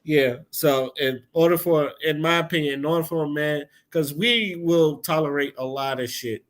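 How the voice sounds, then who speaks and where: A podcast host with a voice that sits a little high for a man. He rambles through blunt, profane opinions and restarts his sentences often, talking in a loose, casual chat. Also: moderate pace, rough recording.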